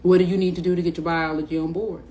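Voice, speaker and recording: A woman's voice: fairly low pitch, little pitch movement, very fast, dark tone, a little hiss or hum, rough recording. A middle-aged woman talking casually to camera about spiritual awareness, in a loose, slangy, rambling way, often repeating her words. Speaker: spiritual vlogger.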